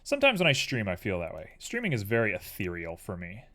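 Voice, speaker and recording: A man's voice: lowish voice, huge pitch swings, fast, fairly bright tone. A tired man chatting casually and rambling drowsily on a live stream while he works on a 3D model at his computer.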